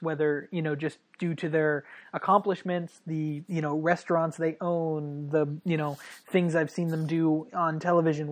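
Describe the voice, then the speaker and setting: A woman in casual chat, quick with dry quips and laughs, halting with fillers. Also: low-pitched.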